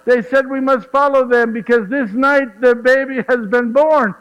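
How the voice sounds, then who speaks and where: A man voicing a group of excited shepherds, eager and breathless as they burst out with their news. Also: extremely high pitch, moderate pace, smooth, voice pushed up. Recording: echoey church, dull muffled sound.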